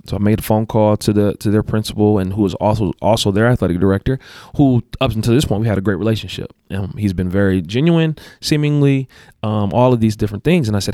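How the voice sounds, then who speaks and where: A man's voice: lowish voice, fast, warm tone, dry recording, clean studio sound. A man who coaches basketball, telling a story in casual chat, rambling with restarts and self-corrections. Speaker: guest, basketball coach and athletic director.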